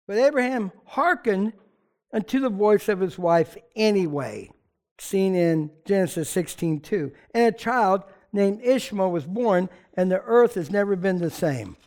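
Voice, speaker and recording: Guy pastor preaching, animated, super conversational, lots of asides. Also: high-pitched, unhurried. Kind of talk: sermon.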